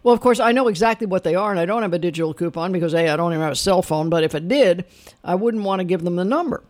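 A man's voice: high-pitched, very fast. Wry older man talking on the radio. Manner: conversational, wry, opinionated storytelling. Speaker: radio host. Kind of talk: radio talk monologue.

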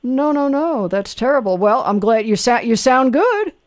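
A man's voice: extremely high pitch, lively intonation, normal speed. A man hosting a call-in trivia radio show in a chatty, casual way, full of fillers and restarts. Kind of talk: casual live radio chat.

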